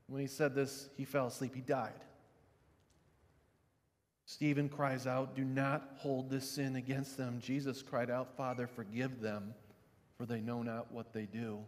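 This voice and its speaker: A man's voice: fairly even intonation, a little slow. Man preaching a sermon in a hall. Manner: swings from quiet, low reflection to loud, emphatic preaching. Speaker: pastor.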